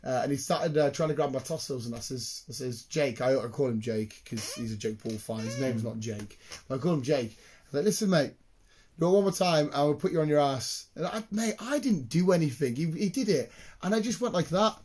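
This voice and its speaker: A young man talks in a relaxed, sweary way, spinning blunt anecdotes about his workplace. His voice sits a little high and has a husky edge. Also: fairly quick. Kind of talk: casual chat.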